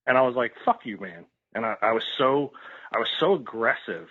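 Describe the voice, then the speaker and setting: A man's voice: medium pitch, animated, brisk, breathy edge. A man telling a raw personal story on a podcast, repeating himself and swearing freely. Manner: emotional, repetitive, swears freely. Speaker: podcast guest. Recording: tinny phone-like line.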